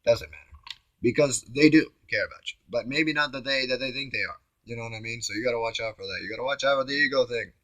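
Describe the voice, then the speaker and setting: A man rambling through a spiritual self-reflection, musing aloud, with his voice shifting between loud and hushed. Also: medium pitch, quick pace, dry recording. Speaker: vlogger. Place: home on Maui.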